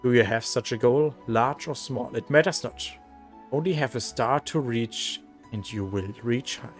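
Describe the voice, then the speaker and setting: A man's voice: medium pitch, natural voice. A man voicing an earnest young male adventurer who speaks in a grand, formal way, reading game dialogue aloud.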